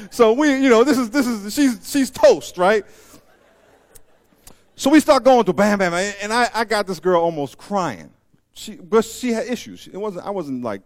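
A man preaching a sermon, telling stories and joking with his listeners. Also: a little high. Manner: animated storytelling, joking with the audience. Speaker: pastor.

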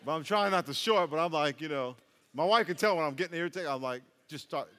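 A male pastor preaching in a large church hall with long reverb. His voice sits high and bright, and he talks in an easy, joking way that climbs to emphatic peaks. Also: animated, fast talker, slight background noise. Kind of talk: sermon.

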